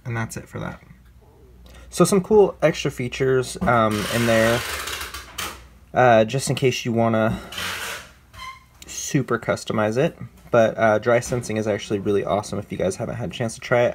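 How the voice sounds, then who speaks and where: A man casually walking viewers through a device's menu settings in a relaxed, conversational way, correcting himself as he goes. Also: fairly low pitch, moderate pace, pauses often, a little hiss or hum. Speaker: product reviewer. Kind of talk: casual how-to demonstration.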